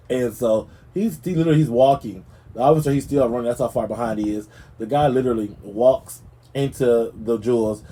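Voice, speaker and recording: A man hosting his own gossip show, telling stories in a sassy, animated way with dramatic asides. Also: mid-range voice, a little hiss or hum. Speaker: podcast host. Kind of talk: casual gossip commentary.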